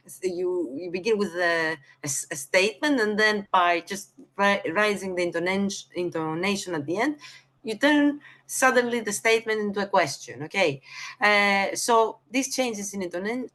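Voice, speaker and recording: A woman from Greece with a Greek accent, lecturing on communication, halting often with fillers and correcting herself mid-sentence. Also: medium pitch, a bit bright.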